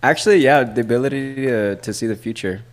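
A man's voice: mid-range voice, fast talker, over a noisy crowd. A man in casual group banter, laid-back and swearing freely as he reads out bits of trivia.

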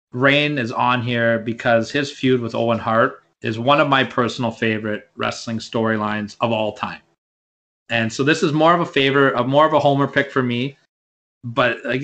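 A man's voice: mid-range voice, fairly bright tone. A man co-hosting a casual podcast about wrestling, rambling and restarting his sentences as he makes his case. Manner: rambling, repeats words when restarting. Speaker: podcast co-host.

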